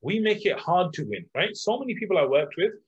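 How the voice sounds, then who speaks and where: A middle-aged man, a coach, talking casually about self-love with lots of fillers and lively examples. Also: high voice, a little fast, slightly rough. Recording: dull lo-fi sound.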